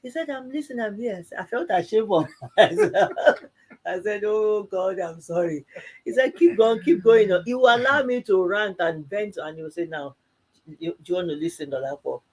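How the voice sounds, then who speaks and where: A woman co-hosting a live church talk show, telling stories in a casual and animated way, laughing often and acting out both sides of each exchange. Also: fairly low pitch, normal speed. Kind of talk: casual conversational storytelling.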